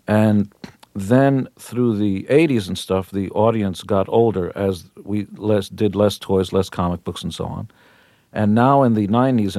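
A brash man in his fifties talks in a low voice on a radio interview. His talk is boastful and punchy. The studio sound is dry and close. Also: dark tone, no echo. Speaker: rock musician guest.

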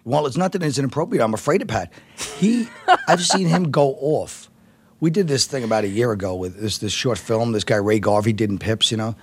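Man from Brooklyn, comedian, animated, rambling, laughs a lot, mid-pitched. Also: brisk, a little hiss or hum. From Brooklyn, New York. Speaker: comedian guest. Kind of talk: casual interview storytelling.

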